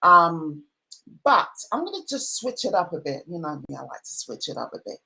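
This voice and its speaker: A woman with a fairly low voice hosts an online event over a video call. She gushes about her guests and stacks up repeated words for emphasis. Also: big pitch swings, normal speed, gravelly, bright, forceful tone, rough recording. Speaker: host. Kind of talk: casual online event hosting.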